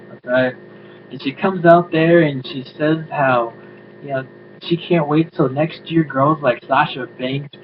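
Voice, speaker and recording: A man giving a casual spoken review, ranting and swearing with exasperated asides. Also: a little high. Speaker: show reviewer. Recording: tinny phone-like audio with noise.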